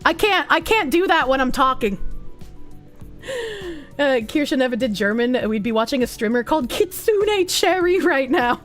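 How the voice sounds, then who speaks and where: A woman's voice: sits high, expressive, faint music behind. A young adult woman with a Boston accent, chatting casually as a streamer, playful and profane, reading out viewer comments. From United States. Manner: playful and profane, quick asides and laughs.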